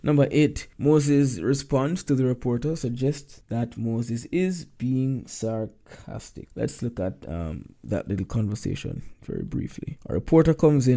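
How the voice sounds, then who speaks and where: A man's voice: mid-range voice, expressive, unhurried, hardly any pauses, dark tone. A male teacher walking through exam answers, reading passages aloud and explaining them.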